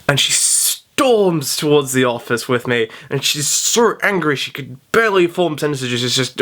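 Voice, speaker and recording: A man's voice: on the high side, lively intonation, moderate pace, few pauses, bright, forceful tone. A young man telling a funny school story to camera, chatty and self-mocking, with plenty of "like". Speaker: vlogger. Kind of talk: storytime vlog.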